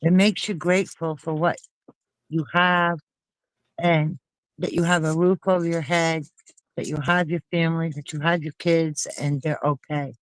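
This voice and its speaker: A woman's voice: deep voice, steady tone, normal speed, dry recording. A woman in casual panel chat. She speaks with heartfelt emphasis, and her voice sounds dry and close with no room around it. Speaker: panel co-host.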